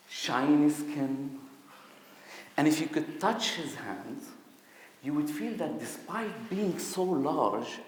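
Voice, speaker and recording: A man giving a personal storytelling talk at a conference, acting out voices with sudden loud outbursts. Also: fairly high pitch, slight background noise. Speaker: conference speaker. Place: conference hall. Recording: echoey hall.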